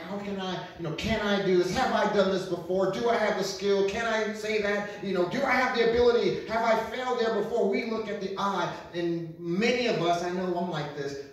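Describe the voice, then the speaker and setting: A man preaching as a pastor, talking to his listeners and asking them questions, recorded alone with a camera. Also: high-pitched. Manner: conversational, repeats himself, asks the listeners questions. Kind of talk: sermon. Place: large echoey room, alone with a camera. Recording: very echoey room, mic at a distance.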